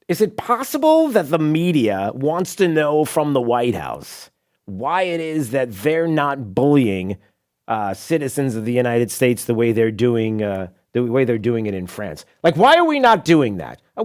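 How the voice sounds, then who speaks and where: A man's voice: mid-range voice, big pitch swings, unhurried, darkish tone. A man hosting a talk radio show, rambling and sarcastic with plenty of asides. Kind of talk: opinionated talk radio monologue. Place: radio studio.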